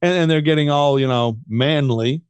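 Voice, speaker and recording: Podcast co-host, male, slightly high voice, swears a lot while telling stories, dry booth sound. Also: normal speed, clean tone, no room sound. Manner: profane, rambling, animated storyteller. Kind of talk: casual storytelling chat.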